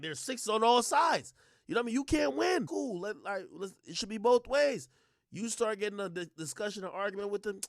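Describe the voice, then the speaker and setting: A young man ranting on a livestream in a high, swooping voice that keeps jumping up and down. He is heated and profane, and he mocks others in put-on voices. The sound is dry and close. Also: no room sound. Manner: animated, profane, jumps into mocking voices.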